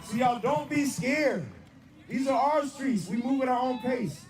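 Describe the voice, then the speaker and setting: A man's voice: extremely high pitch, measured pace, echoey room. A man leading a street protest, giving a rally speech and calling out chants for the crowd to answer. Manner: shouting, repeats "am I right or am I right". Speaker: protest leader. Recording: distant voice in a loud street crowd. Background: loud crowd noise.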